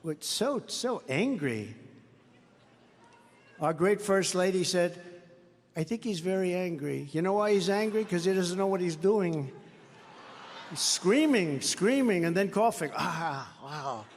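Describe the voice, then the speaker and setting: A man's voice: high voice, lively intonation, a little slow, long pauses. An older American man giving a boastful, mocking campaign rally speech into a podium microphone, repeating his phrases often. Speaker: political rally speaker. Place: large indoor rally venue. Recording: reverberant arena sound with faint crowd ambience.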